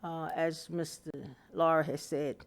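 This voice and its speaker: A woman council member giving earnest, somewhat halting remarks at a public meeting. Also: low voice, level tone.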